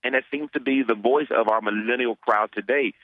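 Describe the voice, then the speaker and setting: A man's voice: medium pitch, brisk, no echo, phone-quality sound. A man, a pastor, answering interview questions earnestly, often repeating words as he searches for them.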